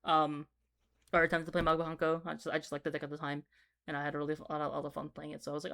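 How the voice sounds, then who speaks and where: A young man telling a story in a casual, rambling way while drawing, swearing often and getting loud and excited in parts. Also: on the high side, quick pace, smooth. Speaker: video creator.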